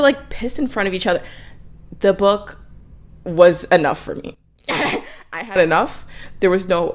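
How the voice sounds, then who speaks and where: A young woman hosting a book review channel, chatting casually, animated and blunt, swearing often. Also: a little high. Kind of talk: casual chat.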